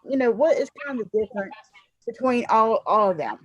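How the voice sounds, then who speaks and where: A woman's voice: a little high, fairly quick, muffled recording. Sassy Southern American woman co-host. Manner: playful, sassy retorts. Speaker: podcast co-host. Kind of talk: casual chat.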